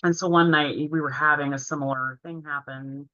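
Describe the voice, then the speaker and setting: A woman's voice: low-pitched, fairly even intonation, moderate pace, a bit bright, no echo. A woman in her forties telling a heartfelt personal story in an earnest way while presenting a training session. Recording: dull, lo-fi, dry sound.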